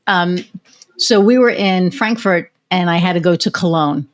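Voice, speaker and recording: An American woman hosts a podcast in a loose, conversational way. She tells personal stories candidly and swears freely, with a voice sitting a little low for a woman. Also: moderate pace. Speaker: podcast host. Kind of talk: casual interview chat.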